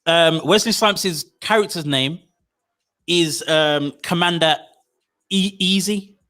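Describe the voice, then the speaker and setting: Dude co-hosting, bright voice, keeps tripping over his words and restarting. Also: a little high, slow. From United Kingdom. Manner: animated, stammering restarts, slangy. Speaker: podcast co-host. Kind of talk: casual chat.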